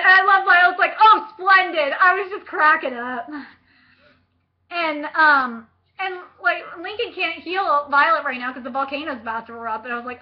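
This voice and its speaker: A young woman vlogger chatting about a book, gushing and excitable, with lots of fillers and casual swearing. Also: high voice, moderate pace, highs cut off.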